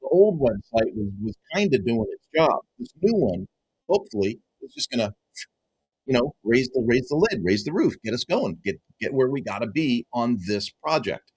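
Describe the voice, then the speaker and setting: A man who runs a web design business, giving an excited, emphatic pitch to viewers and calling them folks over and over. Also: moderate pace, slight background noise, poor audio. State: excited, half-yelling. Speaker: web design agency owner and coach. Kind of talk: energetic direct-to-camera pitch.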